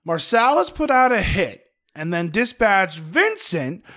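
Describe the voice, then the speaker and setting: A man's voice: sits high, a little slow. A man co-hosting a podcast, animatedly recapping a film in casual chat. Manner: animated storytelling with playful impressions. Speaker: podcast co-host.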